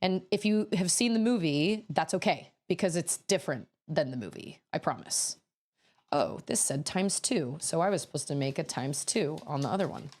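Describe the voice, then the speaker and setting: A woman in her thirties chatting casually on a livestream, rambling to herself as she builds, her voice a little rough. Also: deep voice, lively intonation, normal speed, darkish tone. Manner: chatty, rambling, self-talking while building. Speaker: streamer.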